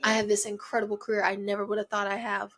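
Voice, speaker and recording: A woman's voice: medium pitch, monotone, quick pace, fairly bright tone. A young woman hosting a faith-based podcast, talking earnestly and emphatically, repeating encouraging phrases. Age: young adult. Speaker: podcast host. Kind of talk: faith-based motivational chat.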